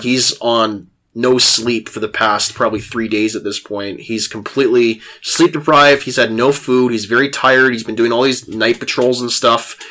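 A male podcast host telling a war story in casual chat, animated and laughing, with frequent restarts. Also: mid-range voice.

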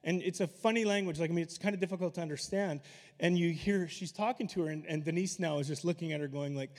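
A man's voice: a little high, fast. A man preaching a sermon in a loose, conversational way, telling stories with asides. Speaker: pastor. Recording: long hall reverb.

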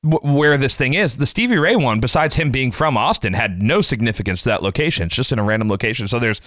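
A man's voice: mid-range voice, lively intonation, fast talker, fairly bright tone. A man, a musician, telling loose anecdotes full of "like" with friends. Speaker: musician and co-host. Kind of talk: casual chat.

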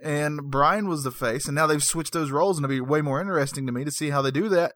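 A man's voice: fairly high pitch, fast, a bit bright, dry recording, clean studio sound. A man co-hosting a casual podcast chat, reacting eagerly and enthusiastically. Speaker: podcast co-host.

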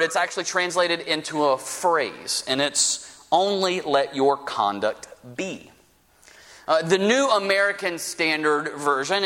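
A man preaching a sermon as pastor, with a lively storytelling manner and folksy asides. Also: fairly high pitch. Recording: preached in a reverberant hall.

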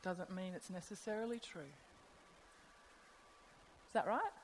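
A woman's voice: on the low side, expressive, unhurried, slight background noise. Woman preaching in a reverberant hall. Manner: conversational, asks the audience rhetorical questions. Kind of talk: sermon.

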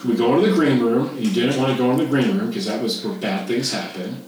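A man in his fifties from Texas, a podcast guest telling a camp story in animated casual chat, laughing and swearing freely. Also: mid-range voice, fast talker. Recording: echoey room, distant mic, faint noise.

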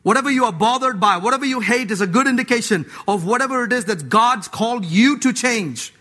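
A man preaching a sermon as a pastor, emphatic, jumping from loud urging to low asides, in a church. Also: animated, brisk. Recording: long hall reverb.

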